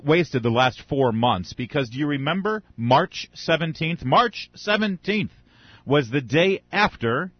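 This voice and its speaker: A man's voice: mid-range voice, dry recording. A man hosting political talk radio, delivering sarcastic, mocking commentary with frequent asides. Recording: dull radio broadcast sound.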